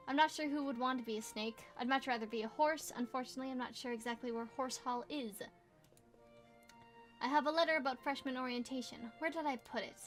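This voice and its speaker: A young woman reading a game's story aloud in a casual let's play, dropping playful asides. Her voice sits high. Faint background music plays. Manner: playful, quick asides and exclamations. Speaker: gamer reading a visual novel aloud.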